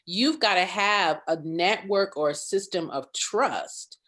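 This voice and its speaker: A woman speaking as a nonprofit consultant guest in a candid interview, emphatic and animated, laughing loudly and getting loud when she is passionate. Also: medium pitch, slow.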